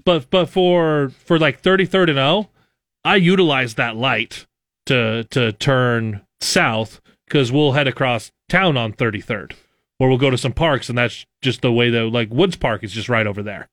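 A man hosting a casual radio talk show, reading out listener messages in a quick, chatty way. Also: medium pitch, a bit bright, dry recording, clean studio sound. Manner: reads listener texts aloud, quick and chatty with laughs.

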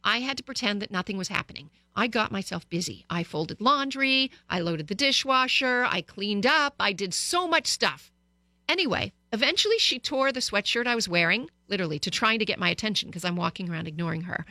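Woman radio host, bright dry studio voice, chatty advice to listeners. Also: medium pitch, brisk, dry recording. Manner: lively, storytelling, direct to listeners. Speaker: radio talk show host. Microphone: studio microphone.

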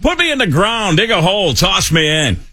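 A man's voice: high voice, moderate pace, dry recording. A man hosting morning talk radio, joking and poking fun at himself. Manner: jokey, self-mocking, animated. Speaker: fill-in radio host. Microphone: studio microphone.

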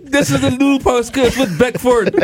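A man's voice: very high-pitched, moderate pace, a crowd in the background, pitched above the performer's own voice. A man putting on a sing-song voice as a cheeky male Jamaican-Irish assistant. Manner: sing-song, playful put-on lilt.

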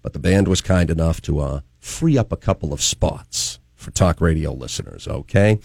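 A man's voice: a bass voice, expressive, moderate pace, vocal fry, a little mellow, slightly rough, dry recording. A man from Boston hosting a morning talk radio show from the studio in an upbeat announcer delivery. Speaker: radio host.

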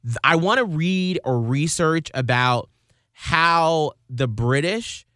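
A man hosting a radio show, chatting casually in the studio with quick, animated bursts of enthusiasm. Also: on the high side, no room sound. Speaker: radio host.

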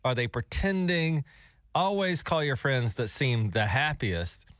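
A man's voice: mid-range voice, very animated, a little slow, a bit bright, no echo, studio quality. A middle-aged man hosting a morning radio show, telling a story in a rambling, self-deprecating way. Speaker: radio host. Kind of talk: casual morning radio banter. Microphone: studio microphone.

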